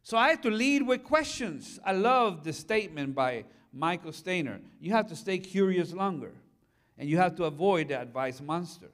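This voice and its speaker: A middle-aged male pastor giving a lively conference talk, chatting with the audience and asking them questions. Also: high-pitched, normal speed. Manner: animated, conversational, asks the audience questions.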